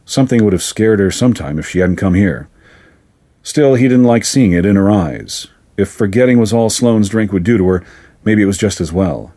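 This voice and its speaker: A man narrating a fantasy story in a steady, even storytelling manner. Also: on the low side, moderate pace.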